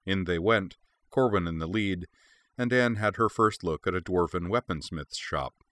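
A man narrating an audiobook in a steady, measured reading. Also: low voice, no room sound.

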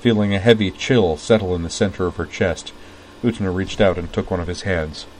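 A man narrating a story aloud at a measured, steady pace. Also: sits low, slight background noise, poor audio.

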